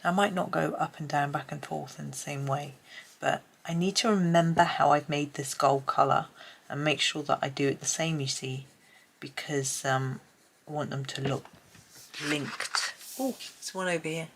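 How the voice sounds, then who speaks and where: A woman's voice: deep voice, steady tone, moderate pace, vocal fry. A woman with a mild British accent, chatting in a rambling way as she colours at her desk at home. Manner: rambling, chatty, many ums and restarts. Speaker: colouring channel host. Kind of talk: casual chat while colouring.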